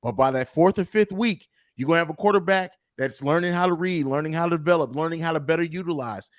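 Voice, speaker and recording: A man's voice: a little high, quick pace, no room sound, clean studio sound. A man hosting a sports podcast, losing his voice and ranting with passion and repetition. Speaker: podcast host. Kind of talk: heated sports podcast talk.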